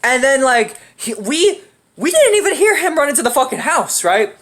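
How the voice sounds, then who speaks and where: A young woman tells a story straight to her camera in a high, bouncy voice that leaps up and down. She rambles and swears freely, tucking "right?" and "you know" into almost every sentence. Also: sing-song, moderate pace. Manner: acts out quoted lines in shifted voices. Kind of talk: casual storytime vlog.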